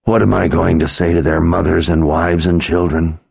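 A man voicing a grieving, angry warrior who speaks slowly and heavily in an audiobook. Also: low-pitched, steady tone, gravelly, a little mellow, breathy edge, no room sound, clean studio sound, exaggerated voice. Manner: slow, heavy, rage and misery. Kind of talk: audiobook character voice.

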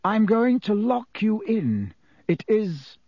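A man voicing an old, wise male headmaster wizard in an audiobook, speaking slowly, quietly and very clearly. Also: high voice, sing-song, no echo, pitched above the performer's own voice, full character voice. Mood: calm. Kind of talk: audiobook character voice.

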